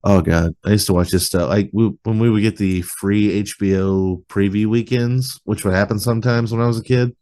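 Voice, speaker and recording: Here is a man with a fairly low voice hosting a relaxed podcast conversation. He rambles loosely and leans on "like" as he talks. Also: normal speed, hardly any pauses. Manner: rambling, with many "like" fillers. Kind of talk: casual podcast chat.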